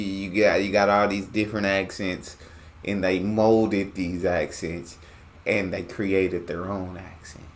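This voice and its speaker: American man, reaction host, casual slangy chat, low voice. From United States. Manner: relaxed, chatty, slangy.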